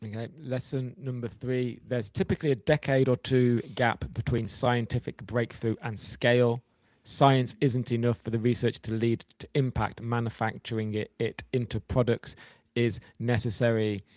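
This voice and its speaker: A man's voice: mid-range voice, flat delivery, normal speed, darkish tone, no room sound. A man co-hosting a podcast, reading from an essay and riffing on it with wry, joking asides. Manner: wry, jokey, reads then riffs. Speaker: podcast co-host. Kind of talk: casual chat reading an essay.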